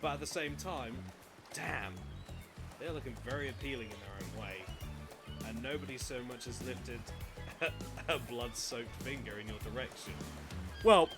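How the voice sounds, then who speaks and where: A man's voice: medium pitch, a little slow, pauses often. A man reading a game's story aloud in a mock-dramatic way, breaking off for joking asides. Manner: playful, mock-dramatic, swears for laughs. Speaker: streamer reading a visual novel. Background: game music.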